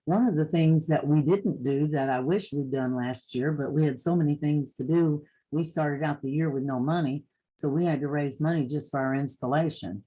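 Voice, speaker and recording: An older woman with a soft Eastern Kentucky accent speaks to a conference audience of realtors. Her voice is mellow and warm, and her delivery is folksy and down-to-earth as she gives practical advice. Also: deep voice, normal speed, slightly rough, low-quality recording. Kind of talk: motivational conference talk.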